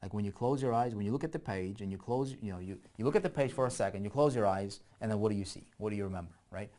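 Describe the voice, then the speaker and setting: A man's voice: on the low side, rapid-fire, warm tone. A man teaching online marketing in a casual screen-share walkthrough, thinking aloud and often checking in with "right?".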